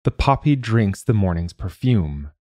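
A man reads as a young novice monk with a cool, cutting tongue, his voice low and dark. He answers quietly and evenly, never raising it, in a storybook reading. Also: very animated, a little slow, dry recording, clean studio sound. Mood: calm.

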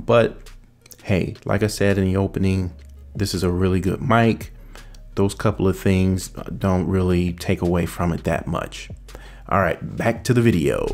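Low-voiced, chatty gadget reviewer man. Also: gravelly, darkish tone. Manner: upbeat, chatty, addresses viewers directly. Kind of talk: casual product review chat. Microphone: USB condenser mic on boom arm.

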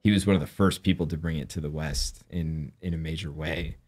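Deep-voiced man explaining earnestly. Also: steady tone, fairly quick, darkish tone. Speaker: guest, former yoga practitioner. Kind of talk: interview conversation.

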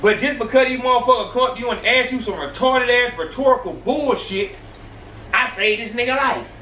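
A man hosting a podcast, ranting profanely with animated reaction commentary. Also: very high-pitched, brisk, echoey room, recorded from a distance, a little hiss or hum. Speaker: podcast host.

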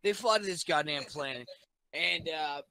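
A tipsy man in casual chat, retelling a movie plot in a rambling, profane, animated way. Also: on the high side, moderate pace, vocal fry, no room sound, poor audio. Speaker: podcast guest.

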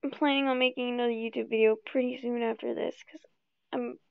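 A woman's voice: fairly high pitch, fairly even intonation, quick pace, creaky, smooth, no room sound. A young woman gaming a horror game, nervous and trash-talking, sighing and pleading between jump scares. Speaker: gamer reacting to a horror game. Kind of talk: frightened gameplay commentary. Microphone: phone. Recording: tinny phone-like screen recording.

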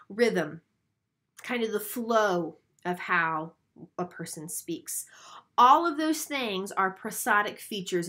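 A woman's voice: medium pitch, bright, forceful tone. A woman giving a recorded lecture, explaining terms step by step and often checking in with "okay?". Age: adult, a mother.

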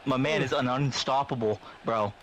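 A man's voice: medium pitch, steady tone, normal speed, crowd noise. A man casually commentating a wrestling video game with friends, with profane, laughing hype play-by-play. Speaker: gamer mock-commentating a wrestling match. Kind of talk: casual gaming banter.

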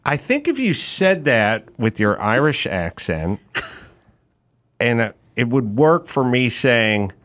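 Man, talk-show host, lively pitch, mid voice, playful banter. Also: slow pace. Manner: playful, setting up bits.

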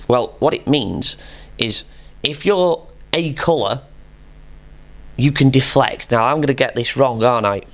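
A British man chats his way through a retro game talk in a casual, digressive way. His voice sits at a middle pitch with a noticeably gravelly texture. He pokes fun at himself as he goes. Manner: jokey, digressive, self-deprecating. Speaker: host of a retro gaming channel. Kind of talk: casual rambling storytelling.

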